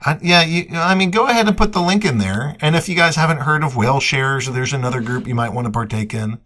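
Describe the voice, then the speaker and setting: A man's voice: medium pitch, fast talker, pushed and bright. An American man hosting an internet talk show, chatting in a rambling, teasing way and often restarting his sentences. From United States. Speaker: host. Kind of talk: casual chat.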